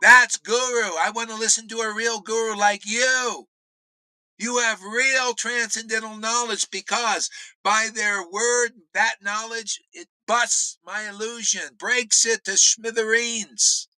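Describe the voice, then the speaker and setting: High, sharp-edged man ranting on faith. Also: level tone, slow pace, clear, resonant tone, no echo, low-quality recording. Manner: blunt, profane, swings between shouting and low muttering. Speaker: spiritual teacher. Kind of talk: informal preaching rant.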